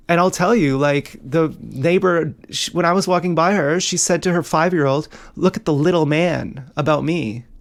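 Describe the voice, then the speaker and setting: A man's voice: fairly high pitch, vocal fry. A young man talking in a rambling, agitated monologue, swearing often and jumping between worries. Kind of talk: casual monologue vlog.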